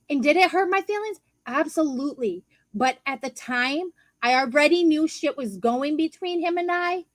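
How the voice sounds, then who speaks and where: Upset high-voiced woman venting on stream. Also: moderate pace, dry recording. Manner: hurt, rambling, hesitant with fillers. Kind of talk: upset livestream monologue.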